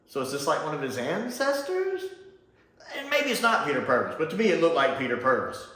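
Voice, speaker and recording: Animated chatty man in an echoey room. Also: a little high, fast. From Mississippi. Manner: animated and chatty, laughs often, does mocking voices. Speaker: reviewer. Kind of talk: casual review commentary.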